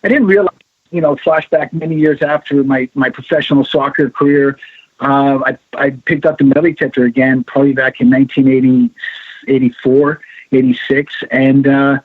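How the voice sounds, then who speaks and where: Brief: middle-aged male guest on a phone line, husky and animated storyteller. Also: medium pitch, moderate pace, no echo. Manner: animated storyteller acting out quoted voices. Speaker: guest, founder of a ring-finding directory. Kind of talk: storytelling on a call-in radio show. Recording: tinny phone line, dry.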